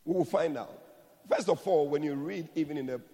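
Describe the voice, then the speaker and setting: A man preaching a sermon emphatically, moving from soft explanation to shouted blessings. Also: on the high side, fairly quick, big-room sound.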